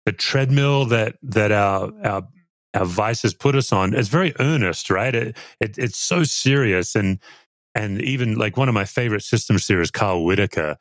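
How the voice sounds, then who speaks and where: A man's voice: on the low side, dry recording. Reflective fifty-year-old man, dry sound. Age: 50s. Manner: reflective, halting with repeated restarts. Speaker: podcast host. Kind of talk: conversational interview.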